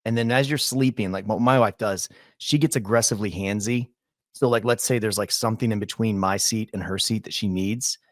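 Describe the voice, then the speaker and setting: A man's voice: on the low side, brisk, no room sound, studio quality. A man co-hosting a podcast, complaining in casual banter with exasperated outbursts. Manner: exasperated complaining, rising into mock outrage. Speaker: podcast co-host.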